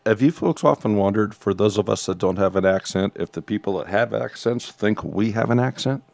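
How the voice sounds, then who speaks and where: A man's voice: fairly low pitch, brisk, vocal fry, darkish tone. A man co-hosting a casual livestream, making folksy, musing asides. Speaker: co-host of a homestead livestream. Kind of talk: casual live chat.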